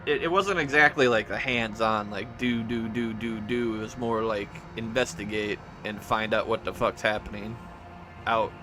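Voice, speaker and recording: A man's voice: lowish voice, steady tone, normal speed, music in the background. A man recapping his tabletop campaign as game master, rambling and hesitant with many fillers and restarts.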